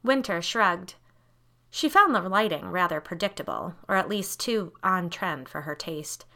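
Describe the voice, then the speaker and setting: A woman podcast host narrating a spooky story in a measured, wry storytelling manner. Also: fairly low pitch, expressive, sharp tone.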